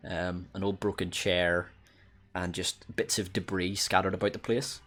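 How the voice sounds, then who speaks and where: Deep-voiced guy running a tabletop game, lots of ums and restarts. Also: little pitch movement, moderate pace, a bit bright. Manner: hesitant, many ums and restarts. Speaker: game master.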